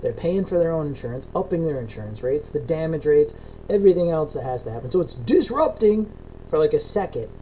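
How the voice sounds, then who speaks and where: A man's voice: on the high side, lively intonation, brisk, warm tone, slight background noise, rough recording. A middle-aged man co-hosting a casual podcast over a video call, ranting and swearing, acting out both sides of his complaints. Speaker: podcast co-host. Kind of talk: casual profane chat.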